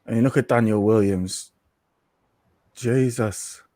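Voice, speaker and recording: A man co-hosting a live fight watch-along, chatting casually and jumping up in pitch when he reacts. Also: takes it slowly, mellow, no room sound, clean studio sound. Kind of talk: casual live commentary chat.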